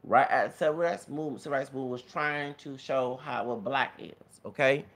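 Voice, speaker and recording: Male vlogger, thirties, gravelly mid-pitched voice, casual rambling delivery. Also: brisk, a bit bright. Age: 30s. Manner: rambling, many fillers, addresses viewers as y'all.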